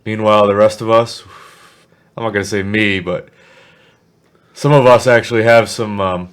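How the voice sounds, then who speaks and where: A man's voice: lowish voice, fairly even intonation, normal speed, clean tone. A man in casual podcast chat who talks bluntly and swears freely. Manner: profane, blunt, sardonic.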